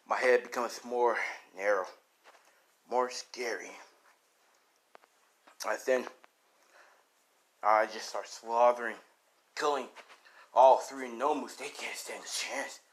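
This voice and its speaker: A man improvising a fan-fiction action story, animated and profane, full of sound effects. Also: medium pitch, slow, long pauses, a little hiss or hum.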